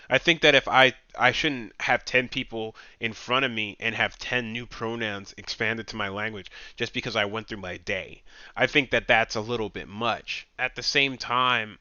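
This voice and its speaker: A man streaming casual reaction commentary, animated and mocking, often laughing. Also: medium pitch, dry recording, muffled recording.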